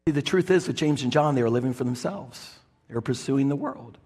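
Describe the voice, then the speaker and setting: A male pastor preaching a sermon in a church, wearing a clip-on mic, telling the story in an animated way that swings from loud to hushed. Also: medium pitch, fairly quick, breathy edge, big-room sound. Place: church sanctuary. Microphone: clip-on microphone.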